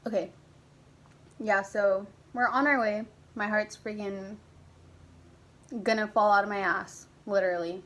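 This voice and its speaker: Animated young woman telling a story. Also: a little slow, pauses often, poor audio. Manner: animated, swearing, acts out her past self in high squeaky voices. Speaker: vlogger. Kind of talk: casual storytime chat.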